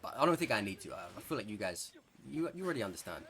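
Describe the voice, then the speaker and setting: A young man with an English accent giving chatty, excitable gameplay commentary, rambling and correcting himself as he plays. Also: on the low side, racing. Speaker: gaming streamer.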